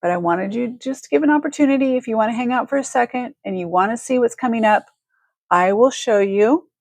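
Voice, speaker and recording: A woman's voice: on the high side, fairly quick, a little mellow, no echo, clean studio sound. A woman hosting a casual live-stream, chatty and effusive as she thanks viewers and shows jewelry. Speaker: livestream jewelry seller.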